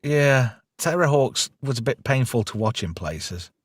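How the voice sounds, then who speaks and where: A man's voice: medium pitch, expressive, a little slow, husky, no echo, clean studio sound. Sweary man hosting a live chat. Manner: swearing, laughs loudly, reads chat comments. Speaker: podcast host. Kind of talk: casual live-stream chat.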